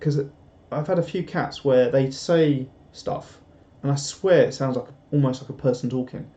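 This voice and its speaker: A man's voice: mid-range voice, moderate pace, warm tone. A young man hosts a live stream, chatting casually and reading out viewer comments in a rambling, self-deprecating way. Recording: roomy, slightly dull home stream audio.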